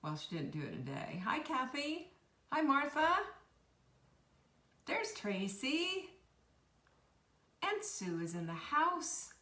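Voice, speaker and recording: A woman hosting a live-stream, chatting warmly with viewers and greeting them by name. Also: high-pitched, big pitch swings, slow pace, pauses often, distant mic. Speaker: host. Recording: echoey room.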